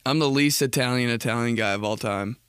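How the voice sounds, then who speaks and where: A man's voice: mid-range voice, fairly quick, a bit bright, clear, resonant tone, no room sound, clean studio sound. A man hosts a podcast, rambling through a comedic monologue, laughing often and acting out quotes in exaggerated voices. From Indiana, United States. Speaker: podcast host.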